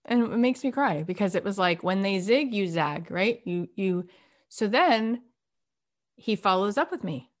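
A middle-aged woman telling a story in an animated, emphatic way in a casual conversation. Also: on the low side. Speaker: podcast host and guest.

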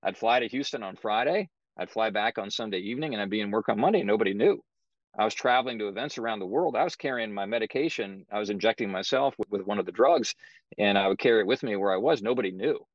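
A middle-aged man speaking as a podcast guest, telling his story in a measured, matter-of-fact way. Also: on the low side, no room sound, lo-fi sound. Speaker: guest, author. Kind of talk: podcast interview.

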